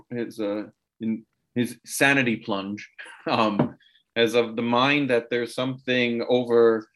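A man's voice: medium pitch, a bit bright. A man playing a tabletop game, chatting casually and searching for words with many fillers. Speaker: player. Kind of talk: casual chat.

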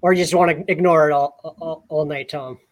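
A man co-hosting a casual podcast, telling a story in an animated way with many repeated words. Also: fairly high pitch, brisk. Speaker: podcast co-host.

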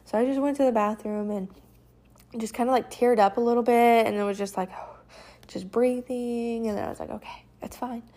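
A woman's voice: fairly high pitch, fairly even intonation, normal speed, mellow. A woman hosting a casual solo podcast, talking in a rambling, reassuring way with lots of fillers. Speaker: podcast host.

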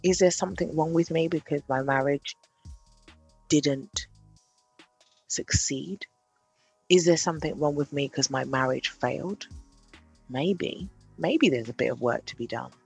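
Gravelly, husky woman podcasting. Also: low-pitched, a little slow, long pauses, soft background music. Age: 30s. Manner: animated, swings from brash self-hype to quiet confession. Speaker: podcast host. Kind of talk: candid solo podcast monologue.

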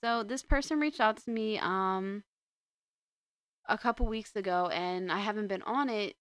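A young woman talks casually on her podcast, rambling and restarting her sentences as she goes. Her voice is smooth and clear, recorded close up in a dry room with no echo. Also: mid-range voice, unhurried, a bit bright. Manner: chatty and rambling, with many restarts. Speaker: podcast host. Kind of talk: casual chat.

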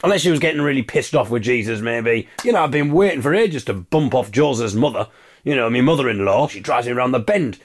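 Wry ranting podcast host. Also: male voice, medium pitch, animated, fast. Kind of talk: comic monologue.

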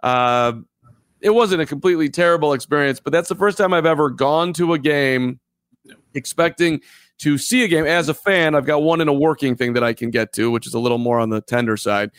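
A man's voice: a little high, fairly quick, smooth, no room sound. A man co-hosting a live baseball podcast, telling stories in a rambling way and repeating himself. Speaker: podcast co-host. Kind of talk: casual live podcast chat.

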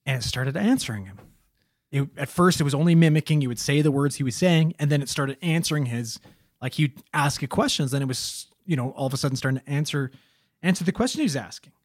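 A man's voice: a little high, expressive, fast, dry recording, studio quality. Laid-back swearing male storyteller. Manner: swears constantly, loose joking delivery. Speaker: podcast host telling a story. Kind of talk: casual profane storytelling.

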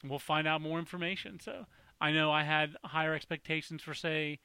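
A man's voice: fairly high pitch, flat delivery, moderate pace, pushed and bright, clear, resonant tone, dry recording. A man co-hosting a podcast in casual sports chat, rambling through anecdotes and correcting himself as he goes. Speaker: podcast co-host.

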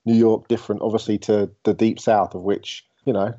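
A man with an English accent, a guest on a sports podcast, talking in a relaxed, conversational way. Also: fairly low pitch, brisk, muffled recording. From England. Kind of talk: casual sports podcast chat.

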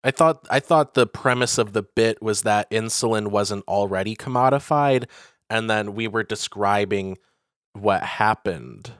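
A man co-hosting a podcast in casual chat over a video call. He talks in a measured way and makes dry jokes. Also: lowish voice, a bit bright, clear, resonant tone, no room sound. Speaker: podcast co-host.

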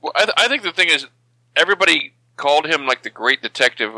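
Playful podcast guy, super bright sharp voice, dry sound. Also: fairly high pitch, lively intonation, quick pace, no echo, rough recording. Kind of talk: casual podcast chat.

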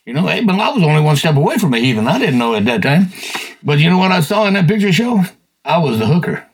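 An older man tells a personal testimony in a folksy, plain-spoken style, with lots of "you know" and "man". His voice is gravelly and somewhat husky, and it sits a little above the usual male pitch. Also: sing-song, quick pace. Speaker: podcast host.

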